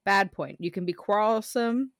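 A woman co-hosting a podcast, mid-pitched and chatty, telling animated stories about her kids and swearing casually. She speaks close to the mic in a dry space with no echo. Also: moderate pace. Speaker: podcast co-host. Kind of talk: casual chat about astrology.

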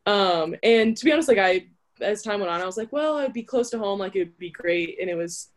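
A woman's voice: medium pitch, expressive, brisk. A young adult woman, an interview guest and college volleyball player, telling her story in a chatty, casual way that is full of "like". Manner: chatty, with frequent filler "like".

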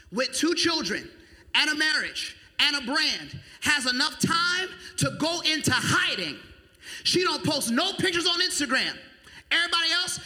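High, bright-voiced male preacher in a big echoing hall. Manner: emphatic, rising to shouts, calls on the congregation. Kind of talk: sermon. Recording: echoey hall.

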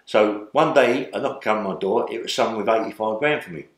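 A man's voice: lowish voice, brisk, roomy sound. An older man, telling stories in a rambling way as an interview guest and tagging lines with "yeah?". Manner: rambling, tag questions like "yeah?". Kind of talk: storytelling in a sit-down interview.

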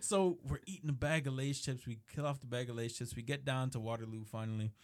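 A man in his twenties telling a rowdy story among friends, casual and animated, swearing and acting out quotes. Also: mid-range voice, fast talker. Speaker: podcast co-host telling a story.

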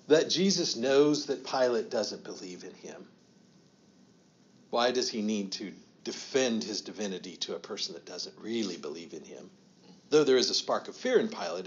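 A man teaching from scripture in an interactive study, asking questions and acting out the lines he quotes with rising emphasis. His voice sits at an ordinary pitch. The recording is slightly dull and lo-fi. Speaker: pastor.

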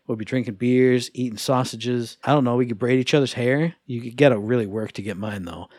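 A man's voice: medium pitch, fairly quick, a little mellow, slightly rough, no echo, studio quality. A man co-hosting a podcast, joking and rambling in casual chat. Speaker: podcast co-host.

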